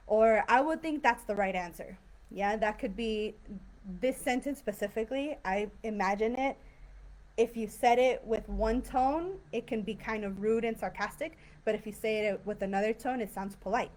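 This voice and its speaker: A woman's voice: on the high side, normal speed, a little mellow. A woman teaching English grammar in a live online class, explaining patiently and acting out example sentences in different tones. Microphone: video call.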